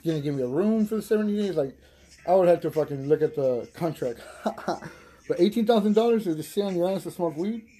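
A young man hosting a casual stoner podcast, high, rambling and profane, laughing often. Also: lively intonation, fairly quick, mellow, slightly rough. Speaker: podcast host.

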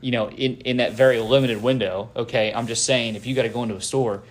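A man's voice: medium pitch, steady tone, fast. A man co-hosting a podcast in casual chat, laid-back and profane, often hedging his opinions. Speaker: podcast co-host.

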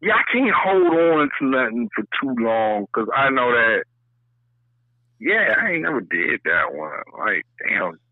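A man's voice: mid-range voice, no echo. A man co-hosting a casual chat, talking animatedly and profanely, with a lot of emphasis. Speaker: co-host. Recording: tinny phone-like line, dry.

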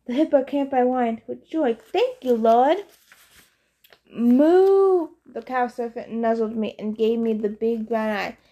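A woman with a slightly high voice reads a novel in first person. Her telling is casual and expressive, like a teenager's. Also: moderate pace, hardly any pauses. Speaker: audiobook narrator.

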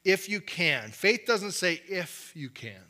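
Male pastor, conversational sermon, higher bright tone, quiet firm emphasis. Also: big pitch swings, slow.

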